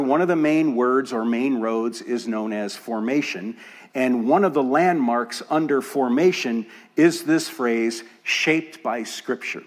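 Male pastor, sermon delivery, measured and emphatic, mid-range voice, stacks repeated phrases for weight. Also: medium pitch. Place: church.

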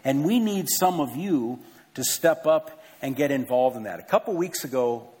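A man's voice: medium pitch, animated, normal speed, a little mellow. A middle-aged man, a pastor, giving church announcements from the pulpit in an earnest, conversational way with self-deprecating asides. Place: large church sanctuary with a balcony. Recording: long hall reverb in a church.

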